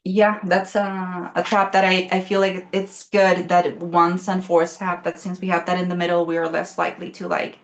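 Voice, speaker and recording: A young woman chatting casually as a guest, telling a story quickly with lots of fillers and the odd swear word. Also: lowish voice, flat delivery. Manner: fast, rambling, many fillers, swearing.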